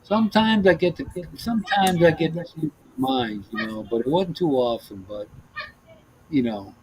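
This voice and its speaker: A man's voice: a little high, moderate pace, darkish tone, breathy edge, low-quality recording. A man hosting a casual podcast, telling profane, laughing stories about driving a bus, with lots of restarts. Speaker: podcast host, former bus driver. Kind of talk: casual chat, storytelling.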